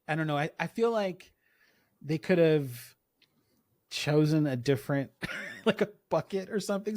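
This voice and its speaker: A man co-hosting a casual podcast, rambling and animated, often acting out characters' lines in quick impressions. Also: fairly high pitch, no echo, clean studio sound. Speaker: podcast co-host.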